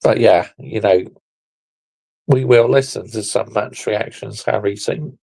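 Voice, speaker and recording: A man's voice: lowish voice, a little slow, creaky, mellow, husky, rough recording. A young man hosting a casual football reaction chat, laid-back and amused. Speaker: host.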